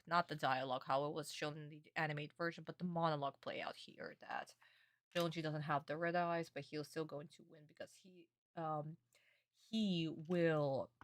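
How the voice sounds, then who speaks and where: A woman streamer giving casual reaction commentary on an anime, animated and affectionate, calling her viewers darlings. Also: low voice, dry recording, studio quality.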